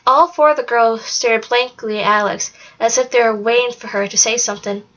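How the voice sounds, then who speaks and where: A woman with a fairly high voice reads a children's fantasy novel aloud. Her delivery is steady and plain, with the occasional small slip. The recording is dull and lo-fi. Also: a little fast. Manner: steady, plain storytelling read with small slips. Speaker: narrator. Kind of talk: read-aloud book narration.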